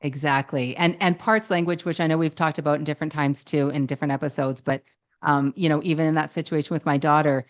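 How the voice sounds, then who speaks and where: A woman's voice: low voice, fast, lo-fi sound. A woman in her thirties co-hosting a relationship podcast as a therapist, telling stories in a casual chat, acting out quotes and restarting often. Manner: storytelling, animated quotes with many restarts. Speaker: relationship psychologist podcast co-host.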